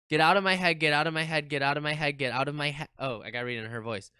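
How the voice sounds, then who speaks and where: A streamer reads a visual novel's text aloud and reacts in an animated, casual way, swearing now and then. The voice is bright and crisp, with a dry, close sound. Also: mid-range voice, fast, few pauses, no echo. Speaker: streamer playing a game. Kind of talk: casual let's-play commentary and reading.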